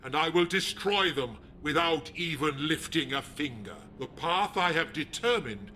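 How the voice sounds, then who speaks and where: A man voicing a megalomaniac male leader of a druid order in a video game, talking in a slow, menacing, pompous way. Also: fairly high pitch, animated, bright, forceful tone, a little hiss or hum. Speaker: game villain.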